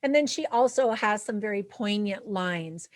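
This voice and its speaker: A woman's voice: medium pitch, lively intonation, normal speed, dry recording. A woman hosting her own channel, giving a chatty, upbeat movie review with tips for parents. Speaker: film reviewer and channel host. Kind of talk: casual movie review to camera.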